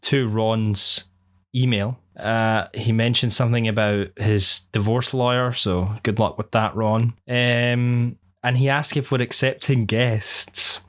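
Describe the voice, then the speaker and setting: A man's voice: medium pitch, steady tone, slow, fairly bright tone. A young man co-hosting a casual podcast, giving long, earnest, rambling opinions. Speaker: podcast co-host.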